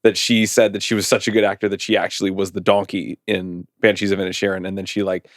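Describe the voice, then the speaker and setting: A man's voice: deep voice, level tone, quick pace. A man co-hosting a podcast, explaining things in casual chat with many fillers. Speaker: podcast co-host.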